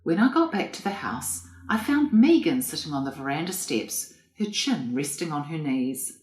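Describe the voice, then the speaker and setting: A woman narrating an audiobook in a composed, even storytelling manner. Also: sits low, moderate pace. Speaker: reader. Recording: roomy echo.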